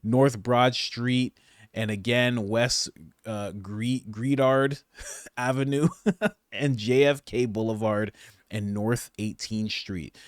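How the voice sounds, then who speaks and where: A man's voice: on the low side, no room sound, clean studio sound. A man hosting a political commentary vlog, ranting in an exasperated tone and laughing at his own stumbles.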